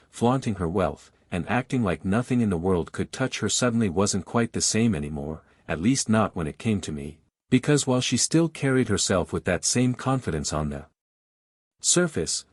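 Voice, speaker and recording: A man narrating a first-person romance story in a flowing, steady manner, carrying long run-on sentences. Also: on the low side, dry recording, studio quality.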